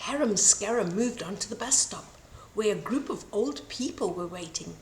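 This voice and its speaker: An older woman reading a bedtime story aloud for children, slow and expressive. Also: on the high side, slight background noise. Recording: roomy echo.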